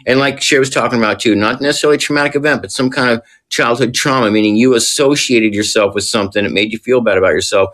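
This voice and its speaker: A man's voice: medium pitch, fast talker, hardly any pauses, fairly bright tone. Chatty man explaining, checking in often. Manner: conversational, checks in often with rhetorical questions. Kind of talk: casual explanatory talk.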